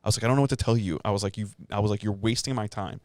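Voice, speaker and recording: A low-pitched man talks on a casual podcast. His voice sounds dry and close. He rambles through heated stories, full of swearing and fillers. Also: steady tone, very fast, a little mellow, no echo. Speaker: podcast co-host.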